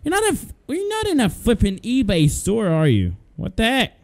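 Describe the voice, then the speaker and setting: A man giving excitable, frantic let's-play commentary, often yelling at the game's customers. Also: sits high, moderate pace, creaky. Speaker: gaming video host.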